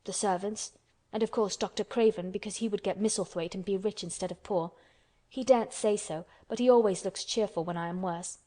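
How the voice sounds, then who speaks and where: A woman's voice: medium pitch, steady tone, brisk, warm tone, lightly acted. Lady reader doing a sulky sick little boy in a storybook, restless and cross, kinda gloomy. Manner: restless and resentful. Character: sickly, peevish, brooding young boy.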